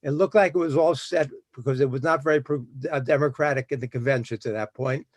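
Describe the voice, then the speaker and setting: A man giving a history talk in a storytelling manner, brisk and with fillers and restarts. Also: medium pitch, steady tone, dry recording. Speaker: historian speaker.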